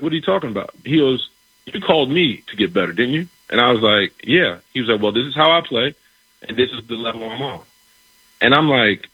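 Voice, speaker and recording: A middle-aged man, a former football player, telling a locker-room story in a lively way, repeating words and acting out what others said. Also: mid-range voice, brisk, slightly rough, no echo, lo-fi sound. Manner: animated, repeats words, acts out quoted dialogue. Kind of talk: casual storytelling.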